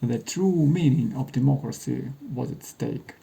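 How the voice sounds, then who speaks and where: Male narrator, measured and wry, very dark gravelly tone, scripted read. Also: mid-range voice, poor audio.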